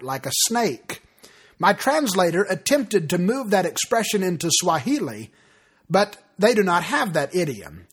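A middle-aged man, a preacher, giving a scripted teaching talk in a measured, explanatory way, slowing down for quoted examples. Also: sits high, husky. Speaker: preacher teaching on Bible translation.

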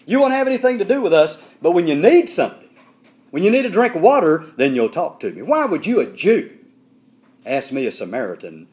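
A male preacher voicing an indignant, sharp-tongued Samaritan woman at a well, in a scornful, challenging manner, as a sermon retelling. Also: high-pitched, very animated, measured pace, pitched above the performer's own voice.

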